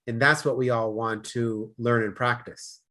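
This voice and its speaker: A man with a Boston accent talking fast as a podcast guest, with stammered restarts and slurred words. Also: medium pitch, steady tone, bright, forceful tone. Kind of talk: casual conversation.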